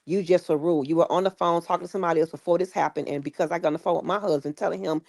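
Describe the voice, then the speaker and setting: Woman, gravelly, low-pitched, animated casual storytelling. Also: rapid-fire, no echo, clean studio sound. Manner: animated retelling with quoted voices. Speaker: guest recounting stories.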